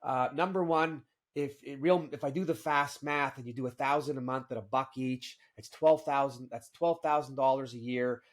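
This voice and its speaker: A man of middle pitch hosts a podcast interview. He speaks in an animated, opinionated way and checks in with "right?" as he talks. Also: normal speed, few pauses. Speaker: podcast host.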